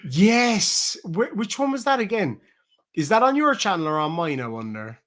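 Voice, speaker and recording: A man's voice: high-pitched, very animated, moderate pace, fairly bright tone. A man hosting a live stream, chatting loosely and profanely while looking back at old clips. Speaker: streamer host. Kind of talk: casual live stream chat.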